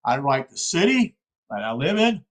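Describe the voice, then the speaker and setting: At a moderate pace and in a sing-song manner, a man whose voice sits on the high side delivers a casual, earnest lecture. He's from South Carolina, addresses listeners as "folks," and frequently checks with "okay?" on a low-quality recording.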